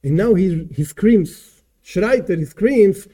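A man teaching a song, translating and explaining it phrase by phrase in a slow, searching way. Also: sits high, lively intonation, mellow, husky.

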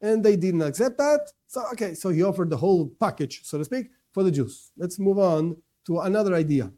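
A man's voice: high voice, expressive, brisk, dark tone. Emphatic man teaching a religious lesson. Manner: emphatic, repeats phrases, self-corrects. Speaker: Torah teacher. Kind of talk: religious lesson to non-Jews.

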